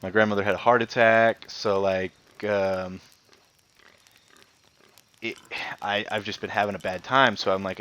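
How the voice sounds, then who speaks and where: A man's voice: lowish voice, fairly even intonation, normal speed, fairly bright tone, smooth. A young man streaming a game, venting a heated, profane story full of fillers like "like" and "I'm like". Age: young adult. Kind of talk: casual venting while gaming. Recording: noisy live stream audio.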